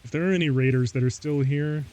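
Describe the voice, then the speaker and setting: A man's voice: fairly high pitch, fast talker, mellow. A man streaming live, chatting casually and rambling, often laughing between thoughts and saying "like" and "y'all" a lot.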